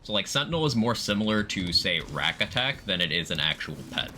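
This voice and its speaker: A man's voice: on the low side, sing-song, a little fast, sharp tone. A man streaming live, casually explaining game mechanics in detail while greeting viewers in chat. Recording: background noise.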